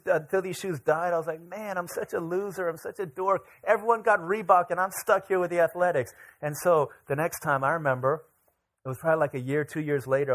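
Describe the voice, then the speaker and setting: A middle-aged man, a pastor, preaching a casual sermon full of personal stories, acting out the voices of the people in them. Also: a little high. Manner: animated, acts out voices of people in his stories. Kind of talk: storytelling sermon.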